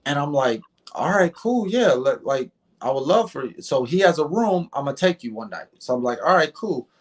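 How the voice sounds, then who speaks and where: A middle-aged man telling a story in a casual interview, animated and acting out the dialogue, often repeating words. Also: on the high side, moderate pace. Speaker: guest comedian.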